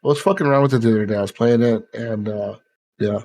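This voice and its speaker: A man's voice: medium pitch, fast talker, darkish tone. Guy hosting a gaming podcast, rambly, lots of uh and like, swears a bit. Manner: rambling, swears, many fillers. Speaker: podcast host. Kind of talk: casual chat.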